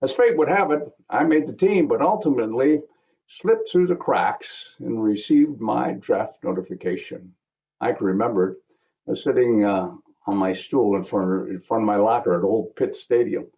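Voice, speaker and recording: A man's voice: medium pitch, moderate pace, gravelly, dark tone, dull audio. A man in his seventies giving a remembrance speech as a guest speaker, telling a personal story with wry asides. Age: 70s.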